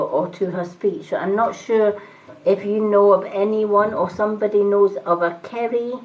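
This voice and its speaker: Woman, tarot reader, unhurried delivery, mid pitch, reassuring, dull lo-fi stream audio. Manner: calm, reassuring, greets viewers by name. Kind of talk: live-stream card reading.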